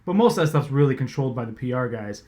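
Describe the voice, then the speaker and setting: Animated man telling a story. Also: medium pitch, fast. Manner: animated, conversational, swears freely. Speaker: sports reporter. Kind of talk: casual storytelling.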